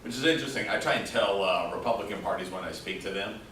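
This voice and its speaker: A man's voice: lowish voice, fast talker, fairly bright tone, far from the mic, a little hiss or hum. A man lecturing a class in a casual, joking way, throwing questions out to the students. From El Paso, Texas. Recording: echoey classroom taped from afar.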